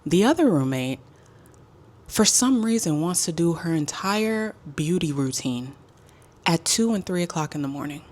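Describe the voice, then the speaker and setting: A woman telling a casual storytime as a travel vlogger, with sassy, emphatic and animated delivery. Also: fairly low pitch, normal speed.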